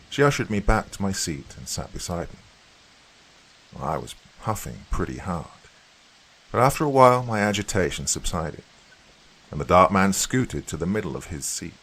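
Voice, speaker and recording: A man narrating a first-person horror story in a steady storytelling delivery. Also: sits low, normal speed, slight background noise, poor audio.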